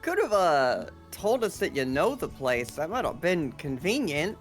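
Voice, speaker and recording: Woman player, teasing and sarcastic, lively pitch, casual table chat. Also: measured pace, faint music behind.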